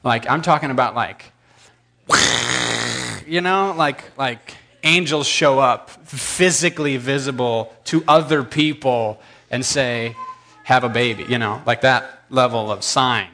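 A man's voice: medium pitch, takes it slowly, pushed and bright. A man in his thirties telling a rambling, self-deprecating story to a congregation. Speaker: preacher.

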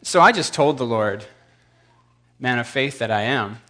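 A man's voice: mid-range voice, expressive, a little slow, sharp tone. A man in his thirties telling a rambling, self-deprecating story to a congregation. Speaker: preacher.

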